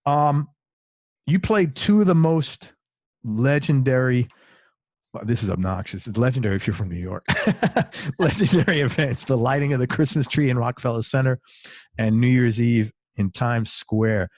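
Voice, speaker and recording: A man's voice: medium pitch, animated, moderate pace, a little mellow, no room sound, clean studio sound. A man interviewing a guest in loose, chatty talk, often saying "man". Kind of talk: casual interview chat.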